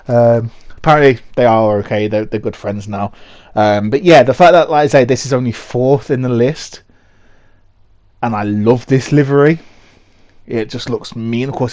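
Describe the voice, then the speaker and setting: A young man talks through his motorsport rankings in a loose, rambling vlog style. He keeps circling back with fillers and restarts as he weighs each choice. His voice sits at an ordinary middle pitch. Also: darkish tone. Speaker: motorsport vlogger. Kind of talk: casual commentary ranking car designs.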